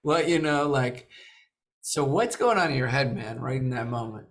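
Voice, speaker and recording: A man's voice: mid-range voice, lively intonation, normal speed. A man hosting a podcast interview, restating what he hears and asking probing follow-up questions. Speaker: podcast host. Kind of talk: conversational interview.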